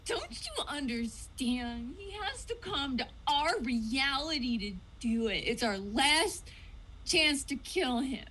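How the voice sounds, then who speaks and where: A woman voicing a frantic young woman held in custody in a comedic table read, shrill, desperate and tearful. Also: expressive, slow pace, fairly bright tone, slight background noise, heavily acted, poor audio. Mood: pleading.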